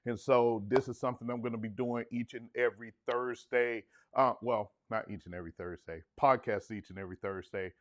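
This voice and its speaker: A man's voice: mid-range voice, a little fast, few pauses. A man hosting a relationship podcast livestream, talking casually with energy, hyping up the chat and drifting into conversational asides. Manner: hyped, energetic, call-and-response with the audience.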